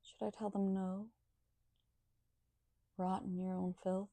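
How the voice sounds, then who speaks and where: Slow, gravelly low-voiced woman. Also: flat delivery, warm tone, no echo. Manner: sardonic and profane. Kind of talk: casual monologue to camera.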